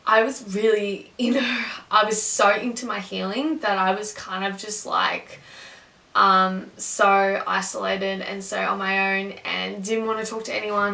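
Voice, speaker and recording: A woman's voice: mid-range voice, bright, forceful tone. A woman in her twenties rambling candidly through a personal story, with lots of fillers, as a vlogger. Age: 20s. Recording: echoey room, mic at a distance.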